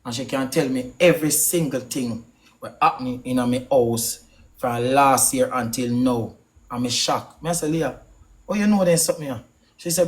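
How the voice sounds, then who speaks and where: A man's voice: mid-range voice, normal speed. Ranting man with a Jamaican accent. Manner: animated, swearing, repeats himself for emphasis. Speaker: live-stream host. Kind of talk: heated live-stream rant.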